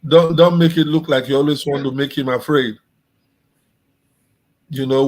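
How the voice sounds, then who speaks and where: A man's voice: fairly high pitch, low-quality recording. A man, a guest and pastor, telling a story in casual discussion, repeating his phrases.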